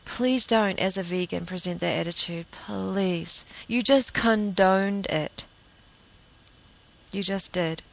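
A woman's voice: medium pitch, slow, vocal fry, rough recording. A middle-aged woman talking earnestly to camera in a casual monologue, rambling and repeating herself for emphasis. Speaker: vegan vlogger.

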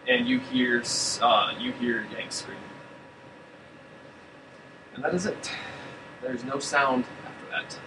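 A man narrating a tabletop game as game master, relaxed and hesitant with lots of fillers, recorded far from the mic in a roomy space with air-conditioner hum. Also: mid-range voice, takes it slowly, long pauses.

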